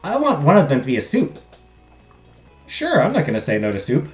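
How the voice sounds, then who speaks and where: A young man gives animated, jokey commentary while he plays a story game. His voice runs fairly high and swings widely in pitch. The sound is echoey, with faint music underneath. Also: a little fast. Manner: animated, joking, reads game text aloud. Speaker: gaming streamer. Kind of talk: let's play commentary.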